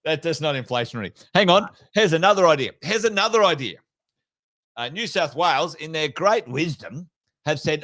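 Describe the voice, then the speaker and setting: A man's voice: fairly high pitch, expressive, moderate pace, bright, forceful tone, dry recording. An Australian man co-hosting a finance podcast, blunt and sweary, mocking officials in casual banter. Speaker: podcast co-host.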